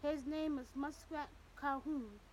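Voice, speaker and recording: A woman's voice: high-pitched, takes it slowly, a little hiss or hum, poor audio. A woman reading as an eager young cowboy. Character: eager young cowboy man, wide-eyed.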